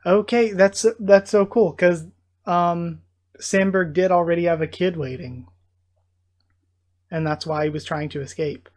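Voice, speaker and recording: A man's voice: high voice, fairly even intonation, measured pace, long pauses, darkish tone. A man hosting a casual manga readthrough, narrating and reacting with emotional exclamations. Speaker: channel host.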